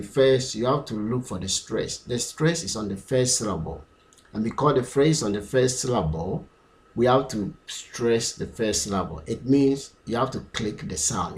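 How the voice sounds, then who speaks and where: Low-voiced man teaching pronunciation. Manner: drills words slowly and repeats them many times. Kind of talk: slow, repetitive pronunciation lesson.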